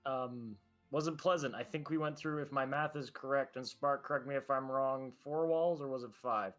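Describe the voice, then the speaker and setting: Man doing a friendly, flustered teen hero for a tabletop game, halting and full of restarts. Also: mid-range voice, a bit bright, faint music behind, natural voice. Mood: earnest.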